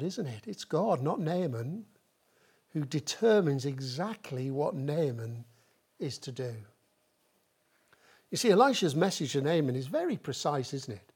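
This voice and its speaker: Slow, husky woman preaching. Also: fairly low pitch, darkish tone. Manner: rhetorical questions, emphatic repetition. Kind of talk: sermon.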